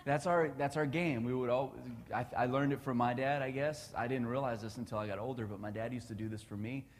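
A man's voice: medium pitch, steady tone, fairly quick. Casual dad preacher guy, laughs a lot, long hall echo. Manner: warm, chatty, laughs often. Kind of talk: casual devotional talk.

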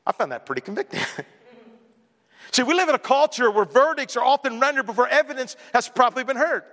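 Male pastor, bright forceful delivery, conversational sermon storyteller, long hall reverb. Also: extremely high pitch, expressive, fast. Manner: conversational storytelling preacher, mimics others with a raised voice.

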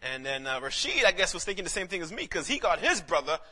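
A young man preaching a sermon in a lively storytelling way, with casual slang and many quick restarts. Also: fairly high pitch. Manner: animated storytelling, slips into quoted voices, frequent restarts.

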